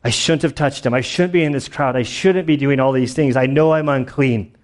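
A man voicing a trembling, guilty woman who mutters her fears to herself in a lowered, quieter voice. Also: moderate pace, close to an everyday voice. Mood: fearful. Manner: anxious muttering.

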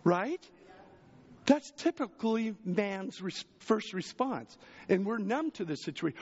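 A man preaches to his congregation in a loose, conversational way. His voice sits high for a man, climbing into loud exclamations and falling into soft, low asides. The sound is muffled and carries a long church reverb. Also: big pitch swings, a little slow, breathy edge. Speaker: pastor. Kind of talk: sermon.

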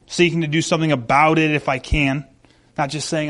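A man's voice: on the high side, level tone, fairly quick, fairly bright tone. A married man preaching in an earnest, conversational way, with small restarts as he talks. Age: adult, married. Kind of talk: sermon.

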